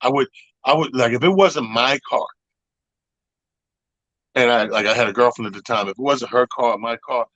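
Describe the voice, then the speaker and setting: A man co-hosting a radio talk show, telling a profane, animated story in casual chat. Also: mid-range voice, moderate pace, pauses often, no room sound, rough recording. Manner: animated, profane, acts out other people's voices. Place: radio studio. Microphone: studio microphone.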